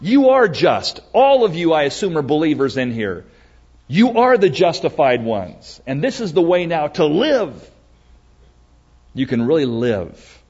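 Husky, emphatic male preacher. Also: a little high, a little slow. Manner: emphatic, repetitive, animated teaching. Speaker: pastor. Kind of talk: sermon. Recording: dull lo-fi recording.

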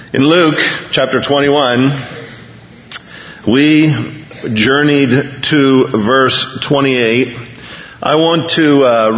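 A male pastor preaching a sermon in a conversational way, reading a news item aloud and restarting his sentences as he goes. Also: medium pitch. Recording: dull lo-fi recording with long hall reverb.

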